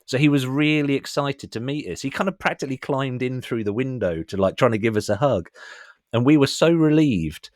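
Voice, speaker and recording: A British man telling a lively anecdote as a podcast guest, acting out voices and laughing as he goes. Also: medium pitch, a little fast, no echo, studio quality. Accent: British English. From England. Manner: animated storyteller, acts out voices, laughs often. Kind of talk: casual anecdote.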